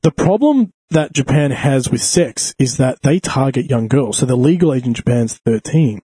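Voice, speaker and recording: A man telling a crude, animated story in casual chat, swearing freely. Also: mid-range voice, moderate pace, slightly rough, dry recording. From Australia.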